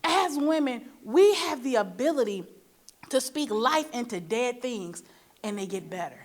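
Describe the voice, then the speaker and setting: Woman giving a lively motivational speech. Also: on the high side, measured pace. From Michigan, USA. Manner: preacher-like, rhetorical questions to the audience; lively storytelling with playful asides. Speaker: panel moderator.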